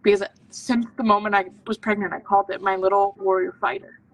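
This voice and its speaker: A medical intuitive guesting on a podcast shares her personal story, earnest and intense and often talking to herself. She speaks in a steady, mid-range voice, a little fast, from some distance off the mic.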